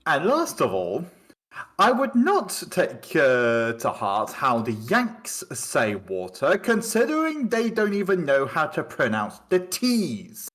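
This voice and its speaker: A man's voice: on the high side, huge pitch swings, takes it slowly, a bit bright. A British man from Britain chatting on a voice call with his gaming group, mock-indignant and sweary. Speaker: tabletop game player. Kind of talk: casual chat.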